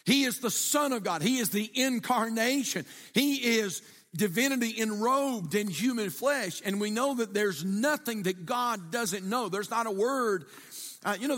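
Brief: high-voiced pastor, emphatic and conversational, preaching in an echoing church. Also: male voice, fairly bright tone. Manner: repetitive, emphatic, conversational, asks the congregation questions. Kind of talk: sermon. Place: church sanctuary. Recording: reverberant church hall.

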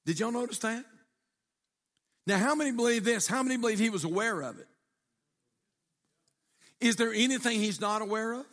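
Brief: high-voiced pastor, emphatic and conversational, preaching in an echoing church. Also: male voice, moderate pace, long pauses, a bit bright. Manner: repetitive, emphatic, conversational, asks the congregation questions. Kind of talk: sermon. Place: church sanctuary. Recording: reverberant church hall.

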